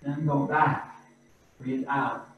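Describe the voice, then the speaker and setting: A man leads a qigong class at a very slow, unhurried pace, calmly talking students through each breath and movement. He is heard from a distance in a very echoey room. The sound is dull and muffled, like a video call. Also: medium pitch, a little hiss or hum. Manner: slow, calm breathing cues. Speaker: qigong instructor.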